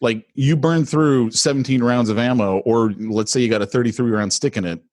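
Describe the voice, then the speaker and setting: A man's voice: mid-range voice, a little fast, darkish tone, dry recording, clean studio sound. A man co-hosting a podcast in casual chat, joking and telling wry stories. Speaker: podcast co-host.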